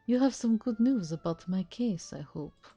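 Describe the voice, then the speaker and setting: A woman voicing a smooth, mysterious male fox con man who speaks in a suave, evasive, theatrical way. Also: medium pitch, expressive, normal speed, mellow, faint music behind.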